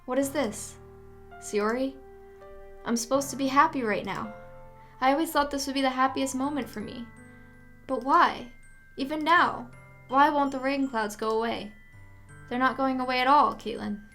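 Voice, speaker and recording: A woman's voice: high voice, moderate pace, long pauses, fairly bright tone, faint music behind. A woman reading as a sad, anxious schoolgirl. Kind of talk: reading game dialogue aloud.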